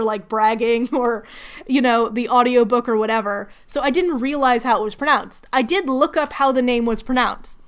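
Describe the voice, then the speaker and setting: A woman's voice: on the high side, clean tone. A woman chatting casually while doing crafts at home, rambling and laughing often. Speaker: craft vlogger hosting a hangout.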